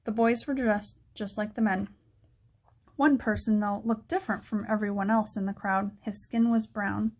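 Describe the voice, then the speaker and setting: A woman narrating a children's book aloud in a steady storytelling manner. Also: medium pitch, moderate pace.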